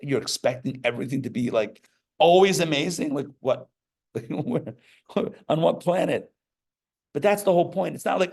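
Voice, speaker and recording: Rabbi guy giving a sermon, gravelly voice, animated, does little voices for people he quotes. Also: a little high, moderate pace. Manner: animated, acts out quoted voices, jokey asides. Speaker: rabbi teaching a class. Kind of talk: lively sermon. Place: live class before an audience.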